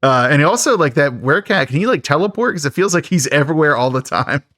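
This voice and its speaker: A man co-hosting a podcast breezes through a recap of a schlocky horror film, cracking jokes and laughing a lot. His voice is fairly high, animated, quick, and a bit bright, in clean studio audio with no echo.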